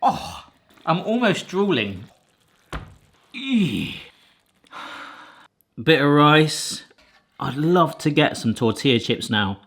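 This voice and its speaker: A man's voice: measured pace, slight background noise. A man chatting cheerfully through a home cooking video. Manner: chatty, jokey, lively pitch. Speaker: cooking vlogger. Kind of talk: casual cooking narration.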